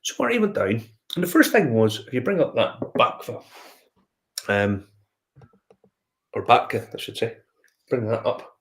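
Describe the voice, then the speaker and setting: A Northern Irish man hosting a whiskey review show tells a rambling anecdote in casual chat, full of fillers and restarts. His mid-range voice is very animated, and he speaks unhurriedly with long pauses.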